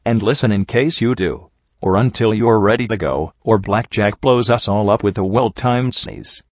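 A man's voice: lowish voice, normal speed, dry recording, natural voice. A man voicing a blunt, snarky adult female pony who talks in a dry, matter-of-fact way, in a dry, slightly dull recording.

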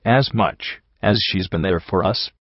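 A man reading the calm, reasonable stallion P-21 in an audiobook. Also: sits low, unhurried, no echo, highs cut off. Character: steady male stallion companion P-21.

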